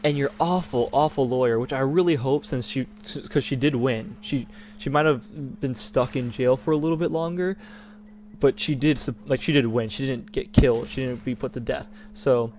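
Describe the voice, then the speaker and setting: A man's voice: mid-range voice, normal speed, a little mellow, slight background noise. A young man hosting a gaming channel, talking in a rambling, indignant rant with many restarts. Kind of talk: casual opinion rant over gameplay.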